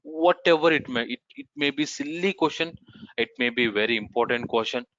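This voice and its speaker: Constantly calling his students sir and ma'am, this instructor fields questions during a live online class in a bright, forceful manner. He speaks fairly quickly at medium pitch, and the video-call recording sounds muffled, dull, and dry, without room sound.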